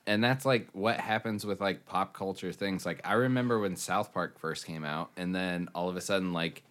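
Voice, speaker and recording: A man's voice: sits low, moderate pace, fairly bright tone. A man in his thirties co-hosting a podcast, rambling in casual chat with many "like" fillers. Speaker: podcast co-host.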